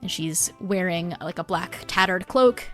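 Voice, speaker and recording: A woman's voice: on the low side, measured pace, faint music behind. A woman narrating as game master of a tabletop game, in a casual, descriptive way with frequent fillers. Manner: descriptive, casual, many 'uh's.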